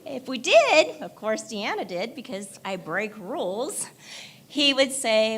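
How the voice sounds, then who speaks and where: A woman with a high voice delivers a heartfelt eulogy in a church. She tells candid stories with a mix of laughter and tears, and her voice breaks into crying at times. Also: sing-song, slow pace, breathy edge. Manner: emotional, candid storytelling with laughter through tears. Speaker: daughter giving a eulogy. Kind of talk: memorial eulogy.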